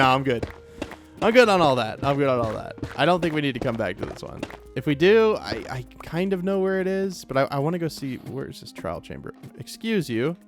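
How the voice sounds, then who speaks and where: A young man casually commenting on his own gameplay in a chatty, joking way, quick to get startled and to repeat himself. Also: mid-range voice. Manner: chatty, jokey, easily startled, repeats phrases. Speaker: let's play gamer.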